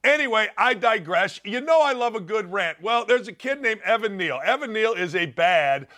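A man's voice: sits high, expressive, moderate pace, pushed and bright. A man hosting a sports talk show, joking and opinionated with conversational asides. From United States. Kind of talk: casual sports commentary.

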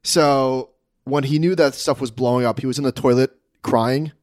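A man's voice: mid-range voice, fairly even intonation, moderate pace, no room sound. Man chatting on a podcast, dry sound. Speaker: podcast co-host. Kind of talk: casual podcast chat.

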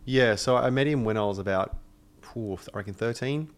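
A man's voice: medium pitch, brisk. A man with an Australian accent, chatting casually as a podcast guest, laid-back and joking. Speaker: guest, performance coach. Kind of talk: casual chat.

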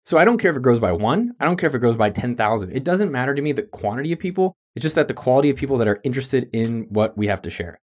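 A man's voice: mid-range voice, animated, racing, hardly any pauses. A man hosting his own podcast in a hyped, jokey, casual monologue with some cussing. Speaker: podcast host.

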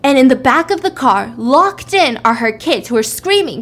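A woman casually retelling a story, animated and acting out the characters' lines in raised voices. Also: sits high, moderate pace, hardly any pauses.

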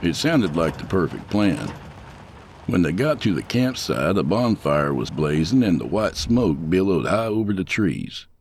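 A man narrating an audiobook thriller in an expressive storytelling manner, voicing all the characters. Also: sits low, measured pace, slight background noise. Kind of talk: scripted narration.

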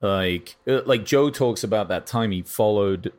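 A man co-hosting a podcast, telling rambling, animated comedy stories in casual chat. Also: lowish voice, a little slow.

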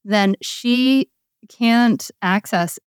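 A woman's voice: a little high, extremely slow, clear, resonant tone, dry recording. Earnest woman parenting coach, dry sound. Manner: earnest, explanatory, many "right?" check-ins. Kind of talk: coaching conversation.

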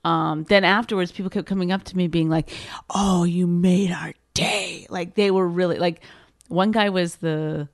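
Woman comedian, gravelly lowish voice, animated storytelling, quotes people, dry close sound. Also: normal speed, dry recording. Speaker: stand-up comedian. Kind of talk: casual storytelling chat.

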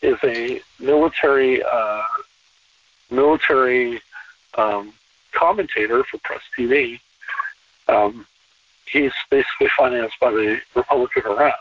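A man's voice: mid-range voice, measured pace, pauses often, dry recording, distant mic. An American man talking in a rambling, emphatic way, repeating himself, heard over a tinny phone line. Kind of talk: casual conversation.

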